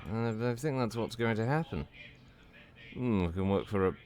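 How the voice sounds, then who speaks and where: A young man thinks aloud while he plays a game on stream. His voice sits a little low and sounds smooth and clean. He rambles, keeps saying "yes, good," and pokes dry fun at himself. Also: expressive, moderate pace, a little mellow. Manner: dry self-mocking humour. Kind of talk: casual gameplay stream commentary.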